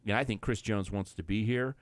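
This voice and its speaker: A man's voice: fairly low pitch, fairly quick, no room sound. A man giving confident, opinionated football analysis as a guest on a sports radio show.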